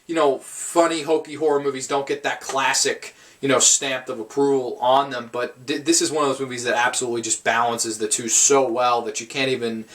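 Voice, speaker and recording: A man's voice: mid-range voice, fairly even intonation, a little fast, hardly any pauses, a bit bright. Guy rambling thru a horror movie review, swears a lot, keeps restarting. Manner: rambling, profane, frequent restarts. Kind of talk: casual film review monologue.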